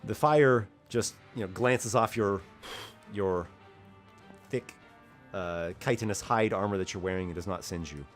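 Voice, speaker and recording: A man's voice: low voice, moderate pace, pauses often, faint music behind. A man running a tabletop game as game master, narrating and calling rolls. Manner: lively, animated narration with rolls and rulings.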